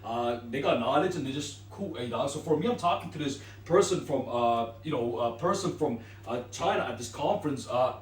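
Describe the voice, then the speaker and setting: A man's voice: medium pitch, animated, a little fast, hardly any pauses. A man of Sri Lankan Tamil family ranting to camera in a rambling, slangy way, tagging his lines with street filler. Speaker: vlogger. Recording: echoey room, far from the mic.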